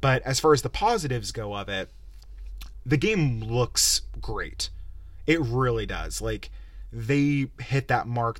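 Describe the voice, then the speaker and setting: A man's voice: medium pitch, a bit bright, no echo. A young man hosting a podcast, giving a profane, exasperated, rambling game review on a close mic. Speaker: podcast host. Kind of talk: casual game-review rant.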